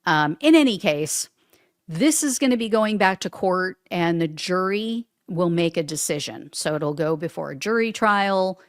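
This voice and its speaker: A woman's voice: lowish voice, animated, a little slow, dry recording, studio quality. A woman hosting a political commentary show, talking casually and sarcastically, often laughing at her own remarks.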